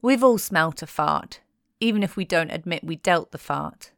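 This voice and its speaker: A woman's voice: on the low side, lively intonation, moderate pace, dry recording, clean studio sound. A woman presenting in a playful, cheeky tone, reading a scripted narration.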